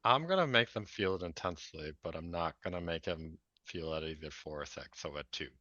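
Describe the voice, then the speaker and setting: Deep bright-toned man playing a tabletop game. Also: fairly quick, no room sound, lo-fi sound. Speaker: player.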